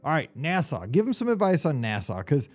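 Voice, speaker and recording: A man's voice: a little high, sing-song, fairly quick. A middle-aged man co-hosting a casual podcast, rambling and easily moved to emotion. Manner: emotional, rambling, gets choked up. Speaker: podcast co-host.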